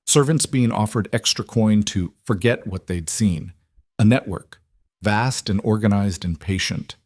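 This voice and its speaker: A man giving steady, measured scripted narration of a story. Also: on the low side, no echo, clean studio sound.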